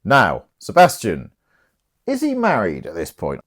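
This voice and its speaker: A man's voice: lowish voice, wildly swooping pitch, a little slow, fairly bright tone, breathy edge. A young man casually retelling a plot, chatty and irreverent, swearing now and then. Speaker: channel host.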